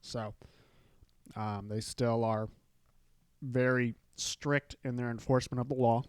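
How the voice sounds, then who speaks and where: A man's voice: medium pitch, fairly even intonation, slow, smooth, dry recording. A man hosting his own show, chatting casually and retelling scenes in a loose, filler-filled way. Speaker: podcast host. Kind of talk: casual solo show recap.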